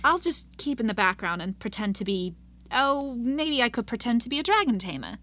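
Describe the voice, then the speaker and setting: A woman's voice: on the high side, very animated, brisk. A woman voicing a cheerful, encouraging young witch with a posh way of talking. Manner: posh, bright, upbeat.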